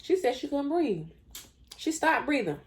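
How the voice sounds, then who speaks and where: A woman casually telling a story while eating on camera, chatty and animated, calling the listener honey. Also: high voice, a little slow. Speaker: mukbang storyteller.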